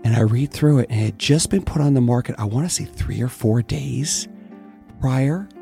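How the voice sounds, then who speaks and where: A middle-aged man telling his own story in a casual interview, candid and animated, cursing freely. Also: medium pitch, normal speed, creaky, faint music behind. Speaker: interview guest, distillery owner.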